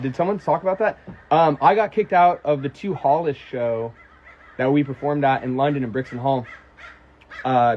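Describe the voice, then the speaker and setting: A young American man on a casual livestream, reading out fan questions and telling stories in a profane, animated way. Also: mid-range voice, muffled recording. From United States. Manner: profane, animated storytelling, answering chat questions. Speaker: musician on a livestream.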